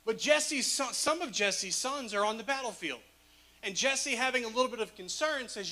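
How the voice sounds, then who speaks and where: A man preaches a sermon in a relaxed, joking storytelling way, laughing as he goes. His voice sits high for a man and has a bright, forward edge. He sounds chatty and easygoing at the pulpit. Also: normal speed. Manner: casual, humorous storytelling with laughs. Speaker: pastor.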